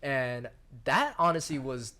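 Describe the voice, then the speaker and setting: A man's voice: mid-range voice, measured pace. A young man with a Hawaiian accent, a podcast guest telling casual stories and acting out the other people in them. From Hawaii (Maui). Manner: animated, acts out quotes in shifting voices. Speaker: podcast guest, MMA fighter. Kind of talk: casual storytelling.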